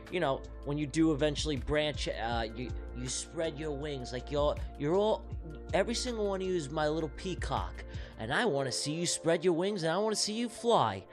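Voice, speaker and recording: A man hosting a trading livestream, talking in a rambling, affectionate, repetitive way. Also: medium pitch. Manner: rambling, affectionate, repeats himself. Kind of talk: casual live-stream chat.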